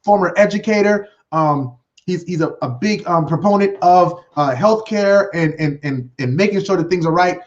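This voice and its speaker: A man hosting his own solo talk show, excited and rambling, with lots of fillers and restarts as he talks at his computer. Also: sits high, moderate pace, muffled recording. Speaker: host. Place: home desk setup with green screen.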